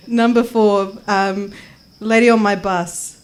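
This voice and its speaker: A woman's voice: medium pitch, steady tone, unhurried. A woman in her twenties with an Australian accent doing brash, jokey stand-up comedy and spoken word, live in a small venue. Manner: brash, jokey, acts out the people she quotes. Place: small performance space.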